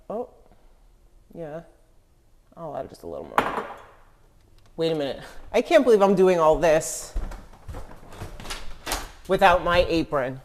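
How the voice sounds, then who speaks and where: Woman vlogger, playful mock-earnest kitchen host, faint background hiss. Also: lowish voice. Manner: earnest, teasing, over-serious. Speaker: vlogger pranking her husband. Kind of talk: mock cooking tutorial to camera. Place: home kitchen.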